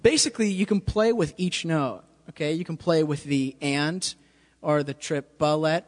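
Speaking unhurriedly in a voice on the high side, this man teaches drums in a relaxed, practical way, often pausing to ask "okay?" The echoey room has drums playing, plus a little hiss or hum.

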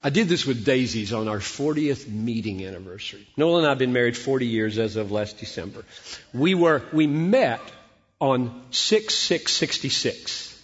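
A man's voice: medium pitch, moderate pace. Man in his sixties preaching in a hall. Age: 60s. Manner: animated, acts out dialogue, repeats words when excited. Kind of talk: conference sermon with storytelling. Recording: dull sound with long hall reverb.

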